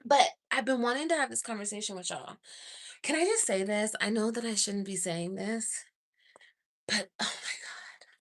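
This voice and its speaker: A woman's voice: medium pitch, moderate pace. A young woman vlogging at home at night, chatting casually in a gossipy way, swearing, sighing and laughing often. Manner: gossipy, animated, swears, laughs and sighs a lot. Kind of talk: casual chat to camera.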